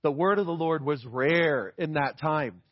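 A man's voice: on the high side, a little slow, highs cut off. A man preaching a sermon in a conversational way, often checking in with his listeners. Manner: conversational, often adds "right?".

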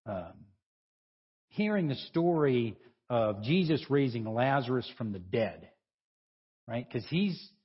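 A man delivers an informal, conversational sermon, his husky voice rising and falling with lively inflection. He talks in loose asides and chuckles between points. The recording sounds dull and lo-fi. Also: mid-range voice. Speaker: preacher.

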